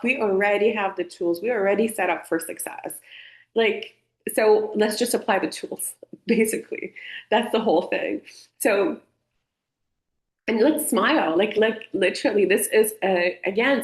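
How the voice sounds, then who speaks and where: Playful woman coaching a group call. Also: fairly high pitch. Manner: playful, encouraging, keeps addressing everybody. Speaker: somatic coaching instructor. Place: indoor room. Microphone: video call. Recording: roomy echo.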